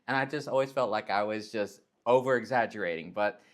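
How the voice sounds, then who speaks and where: A man's voice: on the low side, moderate pace. A man from Texas, talking casually in a vlog and acting out word pronunciations with exaggerated tones. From Texas, United States. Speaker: nurse vlogger.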